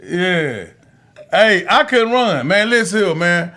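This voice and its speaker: A man co-hosting a podcast, telling profane, animated childhood stories in casual chat. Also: sits high, slow pace. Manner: animated, profane storytelling with frequent restarts and laughter. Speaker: podcast co-host.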